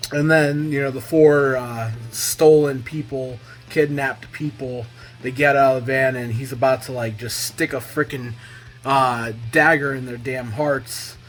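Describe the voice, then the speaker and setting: An excited man talks through a casual review vlog in a loose, rambling way, leaning on plenty of fillers. His voice sits at an ordinary middle pitch, with faint music behind him. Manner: enthusiastic, loose, heavy on fillers. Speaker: comic book reviewer.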